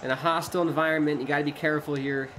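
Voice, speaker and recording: A man giving casual play-by-play commentary while playing a football video game, excitable and prone to shouting when chances come. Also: fairly high pitch, very fast, slight background noise. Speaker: gaming YouTuber.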